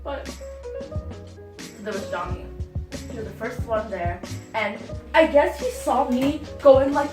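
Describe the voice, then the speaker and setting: Young woman, hoarse, high voice, rambling vlog chat, echoey room, music behind. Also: unhurried, far from the mic. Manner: rambling, giggly, lots of fillers. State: hoarse from screaming. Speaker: vlogger. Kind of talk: casual fan vlog storytelling.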